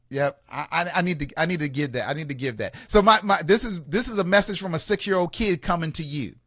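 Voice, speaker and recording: A man with a high voice hosts a radio advice program, preaching with emphasis and laughing between points. He often repeats words as he builds up steam. The studio sound is dry and close. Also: a bit bright, no room sound. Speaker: radio show host, relationship coach.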